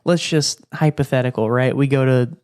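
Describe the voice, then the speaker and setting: A young man hosting a podcast, telling rambling stories in a relaxed, slangy way. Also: medium pitch, normal speed, clean tone. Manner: laid-back, rambling, slangy with lots of "like" and "bro". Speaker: podcast host. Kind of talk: casual storytelling monologue.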